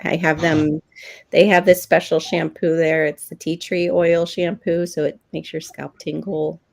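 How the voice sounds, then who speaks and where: A middle-aged woman co-hosts a livestream, chatting casually with rambling asides and frequent laughs. Her low, gravelly voice has a flat delivery and an unhurried pace.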